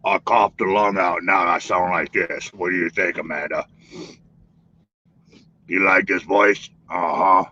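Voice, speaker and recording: A man putting on a slow, deep, mock-powerful joke voice on a live stream. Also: steady tone, bright, forceful tone, exaggerated voice. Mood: teasing. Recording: dull lo-fi dry stream audio.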